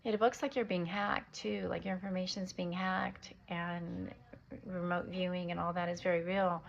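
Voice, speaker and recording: An American woman with a low, gravelly voice talks to her viewers in a loose, wandering spiritual monologue, filling gaps with ums and uhs. The recording sounds dull and lo-fi. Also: little pitch movement, normal speed. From United States. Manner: meandering, drifting between topics with many fillers. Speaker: spiritual vlogger.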